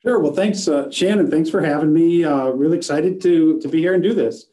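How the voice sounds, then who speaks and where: A man's voice: fairly high pitch, fairly quick, mellow. A man speaking as a sales manager and guest in a casual interview from his office, friendly and full of fillers. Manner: friendly, filler-heavy with many uh's.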